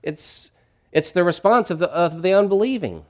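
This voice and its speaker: A middle-aged man preaching a sermon in a conversational way, swinging between loud emphatic lines and quiet ones. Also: high voice, normal speed. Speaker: pastor.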